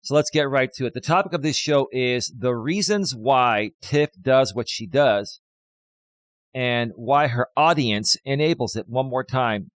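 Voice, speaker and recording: A man with a medium-pitched voice hosts a life coaching live stream, slowly repeating his main points for emphasis. He has a slight cold and sounds a bit out of breath, and the recording has no room sound.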